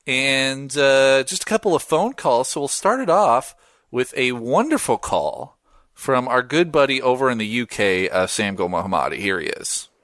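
A young male podcast host talks in a loose, slangy, easygoing way, and his pitch swings widely as he goes. The sound is close and dry, with no room echo. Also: lively intonation, normal speed, fairly bright tone. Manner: laid-back, slangy, drifting into tangents. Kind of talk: casual chat.

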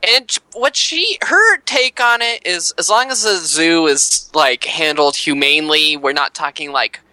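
A man co-hosting a podcast, rambling in relaxed casual chat. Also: a little high, unhurried, no room sound. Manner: rambling, laid-back, many fillers. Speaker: podcast co-host.

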